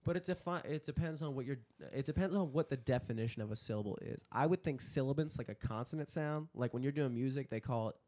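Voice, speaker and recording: A man's voice: mid-range voice, quick pace, few pauses, darkish tone. A man co-hosting a podcast, talking in a casual, profane way, often calling others dude. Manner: casual, swears a lot, says dude. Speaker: podcast co-host. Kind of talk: casual chat.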